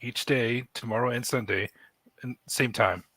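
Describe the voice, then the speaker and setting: A man who games and streams, talking in casual chat with a calm voice and an easygoing, somewhat halting manner. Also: medium pitch, no echo. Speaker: gamer and streamer.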